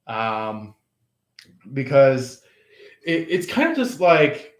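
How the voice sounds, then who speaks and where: A man giving a casual tarot reading, rambling and halting with many fillers. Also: mid-range voice, huge pitch swings. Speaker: tarot reader. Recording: roomy echo.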